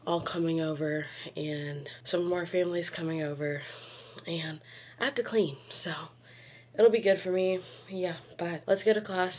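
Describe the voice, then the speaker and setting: A young woman vlogging casually, rambling in frustration with many fillers, close to tears and short of breath. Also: fairly low pitch. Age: young adult. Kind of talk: casual vlog chat.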